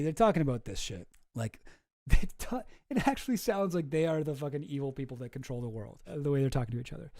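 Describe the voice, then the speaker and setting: A man's voice: fairly high pitch, animated, quick pace, darkish tone, dry recording, studio quality. A man hosting a casual commentary, reading messages aloud with sarcasm, laughter and swearing. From outside the US. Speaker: commentary host.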